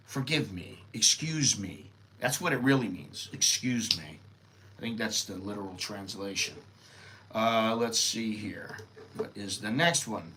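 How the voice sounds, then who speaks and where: A man's voice: fairly low pitch, pushed and bright, a little hiss or hum. An American man hosting a casual live-stream lesson, explaining words in a loose, rambling way with lots of fillers and asides. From United States. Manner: rambling, informal, thinking aloud with fillers. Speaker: host teaching Thai phrases.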